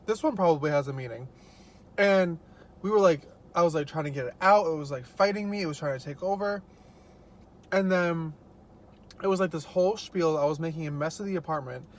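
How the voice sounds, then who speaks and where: A man's voice: on the high side, fairly quick. A young man vlogging casually as he eats, telling stories in a chatty way with lots of fillers. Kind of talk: casual mukbang chat.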